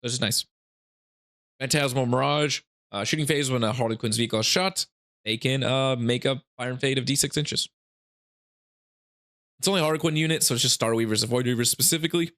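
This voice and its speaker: A man's voice: medium pitch, a little fast, long pauses, fairly bright tone. A man hosting a gaming channel, casually talking through game rules with hiccups, rambling with laughing asides and frequent restarts. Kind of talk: casual rules breakdown commentary.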